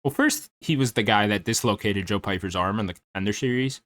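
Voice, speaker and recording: Low-voiced laid-back man talking fights. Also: fairly quick, fairly bright tone. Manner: laid-back, rambling, lots of fillers and mild swearing. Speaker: MMA commentary YouTuber. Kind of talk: casual fight preview commentary.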